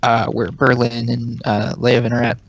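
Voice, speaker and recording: A man playing in a tabletop game, hesitant and halting, with lots of fillers. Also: medium pitch, level tone, dry recording, muffled recording. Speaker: player. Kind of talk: casual tabletop play.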